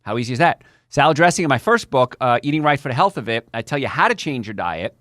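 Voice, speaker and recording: An older man, a doctor hosting a health talk show, speaking in an animated, chatty way straight to his listeners. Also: mid-range voice, quick pace, dry recording, studio quality. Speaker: doctor and podcast host.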